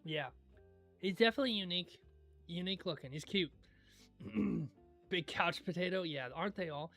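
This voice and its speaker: A young man hosting a livestream in casual chat, laid-back and rambling into stories, often clearing his throat. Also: high-pitched, moderate pace, fairly bright tone, faint music behind. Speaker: livestream host.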